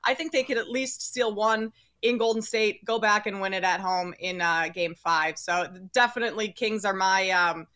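A woman's voice: mid-range voice, moderate pace, hardly any pauses, sharp tone. A woman giving sports betting picks in casual chat, confident and joking about herself. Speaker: sports betting guest analyst.

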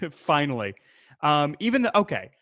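A man co-hosting a casual podcast about an old film, rambling and animated, laughing as he talks. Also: fairly high pitch, measured pace, no room sound, studio quality. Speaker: podcast co-host.

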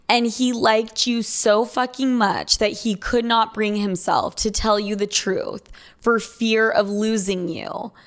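A young woman hosts an advice podcast, reading out listener letters and answering them. She talks in a blunt, profane Valley girl way, upbeat and casual. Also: fairly high pitch.

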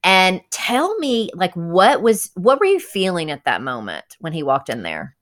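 A woman hosts a podcast interview, her voice pitched a little low. She asks her questions with eager enthusiasm and reacts warmly to her guest. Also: very animated, a little slow. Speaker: podcast host.

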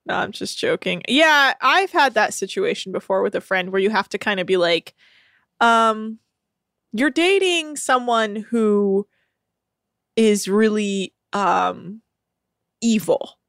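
A woman's voice: medium pitch, expressive, slow, creaky, a bit bright, no room sound, clean studio sound. A woman co-hosting a casual talk show, laughing often and recapping scenes with lots of "like". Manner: chatty, giggly, uses lots of "like". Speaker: podcast co-host.

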